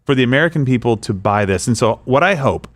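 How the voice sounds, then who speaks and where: Male co-host, lively delivery, jokey political banter. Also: mid-range voice. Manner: animated, laughs often, rapid riffing. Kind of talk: comedic political commentary.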